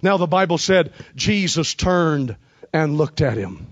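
A man preaching an impassioned revival sermon, with rhythmic repetition and bursts of shouting. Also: a little high, lively intonation, a little slow.

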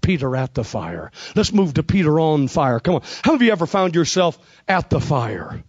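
A man preaching an impassioned revival sermon, with rhythmic repetition and bursts of shouting. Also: on the high side, big pitch swings, normal speed, dull audio.

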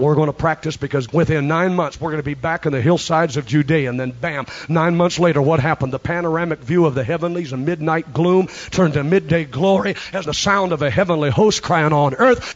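A man preaching a sermon with passion, swinging between shouted lines and hushed ones. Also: fairly high pitch, a little fast, hardly any pauses, lo-fi sound.

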